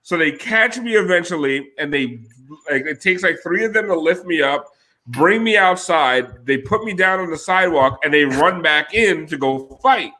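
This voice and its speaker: A man's voice: fairly high pitch, animated, normal speed, sharp tone. A man telling a rowdy, profane story on a casual chat show, laughing often.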